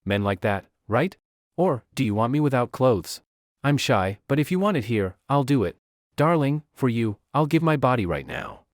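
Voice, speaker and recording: A man's voice: mid-range voice, big pitch swings, normal speed, no room sound, studio quality, natural voice. Clingy obsessive girl, as a man reads her. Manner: clingy, pleading then coldly possessive. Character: obsessive lovestruck young woman with fire powers.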